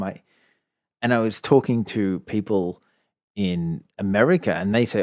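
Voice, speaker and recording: A man's voice: lowish voice, measured pace, darkish tone, no echo, clean studio sound. A man with an Australian accent, co-hosting a casual podcast and telling rambling stories with a laugh. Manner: rambling, chatty storytelling, laughs often. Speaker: podcast co-host. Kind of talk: casual chat.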